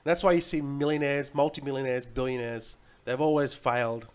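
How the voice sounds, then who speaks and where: A man talks straight to his viewers in a motivational pep-talk style, repeating his points and checking in with "right?" again and again. His delivery swings between loud, insistent peaks and quiet, dropped-down asides. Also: mid-range voice, steady tone, fairly quick, clear, resonant tone. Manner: emphatic and repetitive, keeps asking "right?". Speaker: crypto livestream host. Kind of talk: motivational monologue.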